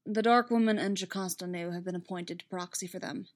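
A woman's voice: lowish voice, steady tone, a little fast, close to an everyday voice. A woman voicing a grim, tense male Jedi knight. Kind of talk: fan fiction read aloud.

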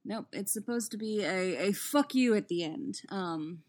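A woman's voice: medium pitch, animated, a little slow. A woman reading a podfic, chatting through her bloopers and author's notes, swearing freely and laughing at her own mistakes, recorded on a living room couch. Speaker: podfic reader.

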